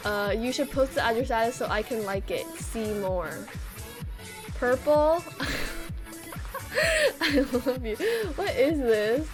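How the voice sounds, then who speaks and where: High-voiced giggly woman streamer. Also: very animated, takes it slowly, pauses often, music in the background. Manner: giggly, self-mocking. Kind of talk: casual live-stream chat.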